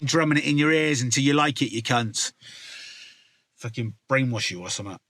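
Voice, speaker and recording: Somerset rapper bloke, west country accent, sweary rambly chat, bright sharp voice, mid pitch. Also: male voice, a little fast, dry recording. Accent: West Country English, Somerset. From South West England. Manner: swears freely, rambling with fillers and restarts. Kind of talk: casual chat to camera.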